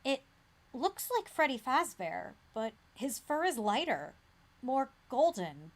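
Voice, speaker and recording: A woman acting as game master, reading a gamebook aloud with dramatic suspense that drops to a hush. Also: high voice, very animated, slow pace.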